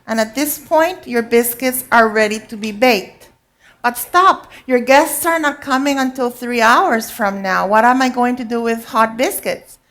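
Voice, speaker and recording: Speaking at a moderate pace with few pauses, this woman's fairly high, somewhat bright voice leads a live cooking demo before an audience in a teaching kitchen. She explains as she goes, chatting and frequently checking in with the people watching.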